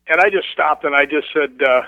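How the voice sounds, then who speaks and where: A man tells a story over a thin, tinny phone line, his voice pitched a bit high. He talks in an animated way and acts out the other people's voices. The sound is dry and close. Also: a little fast, dry recording. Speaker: guest telling a ghost story. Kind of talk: casual storytelling.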